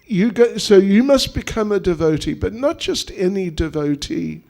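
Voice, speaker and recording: A man voicing a devoted, tearful queen who insists softly and repeats herself. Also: high voice, expressive, normal speed, gravelly, voice pushed up. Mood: insistent. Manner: soft, insistent repetition. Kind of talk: acted quotes within a sermon.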